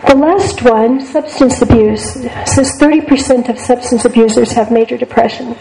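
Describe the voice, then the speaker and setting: An older woman psychologist lectures a group in a slightly high yet mellow, warm voice. She talks earnestly and repeats words for emphasis. A faint hiss sits under the recording. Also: steady tone, moderate pace, creaky, poor audio. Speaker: psychologist giving a talk.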